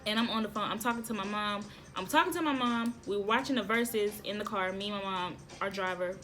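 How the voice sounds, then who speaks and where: A woman vlogging casually, telling a story to viewers in an excitable way, repeating phrases and laughing often. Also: mid-range voice, brisk, faint music behind.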